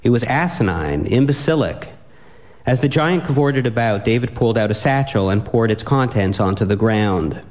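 A man reading a comic story aloud with a dry, deadpan delivery. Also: medium pitch, moderate pace, muffled recording.

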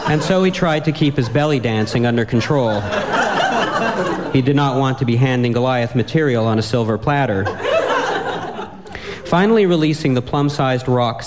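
A man reading a comic story aloud with a dry, deadpan delivery. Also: medium pitch, normal speed, lo-fi sound, very noisy.

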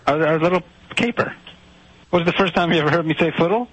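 Defensive man with a husky voice. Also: on the high side, fast talker, fairly bright tone, poor audio. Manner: defensive, slips into a put-on formal delivery. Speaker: storyteller being recorded. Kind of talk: comedic sketch dialogue.

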